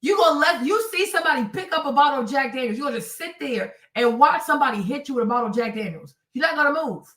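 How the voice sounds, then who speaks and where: A high-pitched woman talks a little away from the microphone, and her voice rings in a roomy, echoing space. She comments bluntly on a news clip, swearing freely and mocking the people in it with acted-out quotes. Her tone stays sarcastic and scornful throughout. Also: animated, quick pace, few pauses, a bit bright, distant mic. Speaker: commentary streamer. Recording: echoey room, voice away from the mic.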